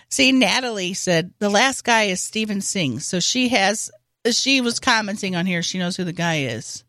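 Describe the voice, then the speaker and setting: A woman's voice: medium pitch, lively intonation, unhurried, fairly bright tone, no echo, clean studio sound. Wry woman podcast co-host. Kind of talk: casual chat.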